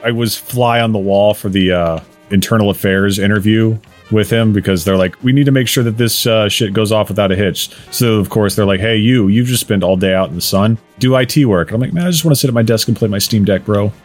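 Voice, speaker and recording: A man's voice: fairly low pitch, fairly quick, soft background music. Rambling, jokey man on a podcast. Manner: laughs often, rambling jokey asides. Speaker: podcast co-host. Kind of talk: casual chat.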